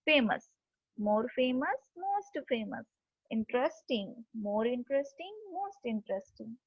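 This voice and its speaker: A woman with a high voice teaches a grammar lesson, explaining step by step and spelling words out letter by letter. The recording is dry and dull, like lo-fi audio. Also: big pitch swings, measured pace, husky, dry recording.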